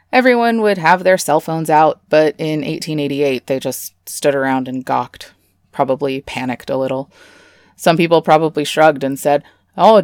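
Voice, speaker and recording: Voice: medium pitch, dry recording. Dry, sarcastic true-crime podcast host. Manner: sarcastic asides, casual swearing. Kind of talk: comedic true-crime narration.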